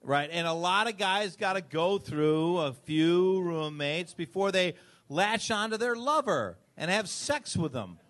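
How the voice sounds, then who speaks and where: Male host, higher pitch, expressive, joking storyteller. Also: a little slow. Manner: jokey, teasing. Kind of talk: storytelling to a live audience.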